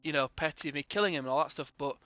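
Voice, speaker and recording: A man's voice: a little high, rapid-fire, bright, forceful tone, dry recording. A young man casually telling a rambling gaming storytime, acting out both sides of the conversation. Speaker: gaming channel host.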